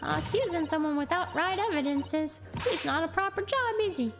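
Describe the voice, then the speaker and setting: A woman's voice: very high voice, lively intonation, moderate pace, soft background music, pitched above the performer's own voice. A woman voicing a prim, indignant female juror with a put-on mid-Atlantic accent.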